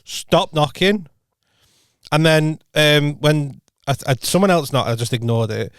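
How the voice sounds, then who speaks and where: Man telling stories, smooth voice. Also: fairly high pitch, moderate pace, dry recording, studio quality. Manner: storytelling, acts out quotes, laughs often. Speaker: podcast co-host. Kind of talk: casual chat.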